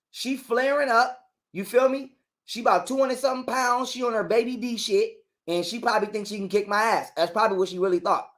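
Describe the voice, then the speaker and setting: A man's voice: very high voice, a bit bright. A man telling a heated, profane story as a guest on an interview show. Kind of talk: casual storytelling.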